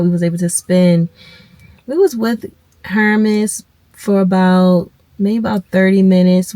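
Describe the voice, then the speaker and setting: A woman, tearfully telling viewers a personal story, halting and calling them y'all. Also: lowish voice, a little mellow, no echo. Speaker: vlogger. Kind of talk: emotional personal storytelling to camera.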